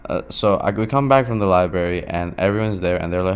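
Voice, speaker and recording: A young vlogger with a low, clean-toned voice talks quickly and candidly to his camera in a confessional style. Restless and emotional, he swears, says things twice, and keeps calling out "bro."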